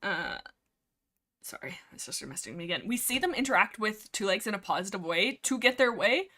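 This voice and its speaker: Bright, rambling young woman streamer. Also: medium pitch, expressive. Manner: rambling, chatty, many fillers and restarts, quick acted quotes. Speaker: livestream host. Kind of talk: casual book discussion livestream.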